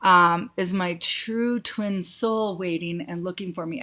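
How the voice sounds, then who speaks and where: A woman hosting a casual live psychic Q&A, reading viewers' questions aloud and answering them with quick intuitive yes-or-no readings, calling viewers sweetie and honey. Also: on the low side, fairly even intonation, bright, forceful tone. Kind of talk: casual live-stream chat.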